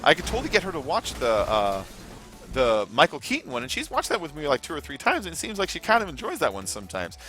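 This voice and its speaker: A man streaming a game live, talking off the cuff in a loose, rambling flow with casual swearing. His voice is animated and rises and falls widely in pitch. Music and game sounds play behind him. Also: fast. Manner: rambling, chatty, swears casually, reads chat aloud. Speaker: gaming livestream host. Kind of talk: live gameplay commentary.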